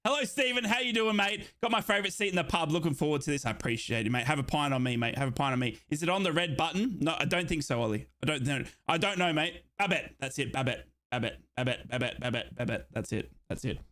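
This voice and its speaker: An Australian man hosting a live football watchalong stream, chatty and excitable, reading out chat messages and sometimes shouting hype. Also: fairly high pitch, fast, few pauses.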